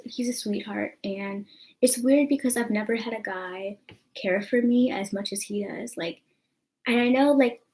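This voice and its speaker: A young woman vlogging casually, rambling with fillers and asides. Her voice sits at an ordinary pitch but carries plenty of creaky vocal fry. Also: a little mellow, poor audio. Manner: chatty, rambling, lots of fillers. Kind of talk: casual chat to camera.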